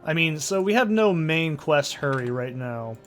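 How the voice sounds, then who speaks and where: Excitable man narrating a game. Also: a little high, moderate pace, faint music behind. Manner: excitable, swears freely. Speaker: let's play host. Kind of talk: casual gameplay commentary.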